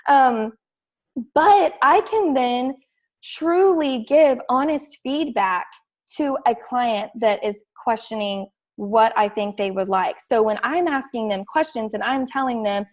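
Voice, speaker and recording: A woman, a fitness coach talking excitedly and casually to her team on a call, full of "like" fillers. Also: a little high, unhurried. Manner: chatty and excitable, heavy use of "like".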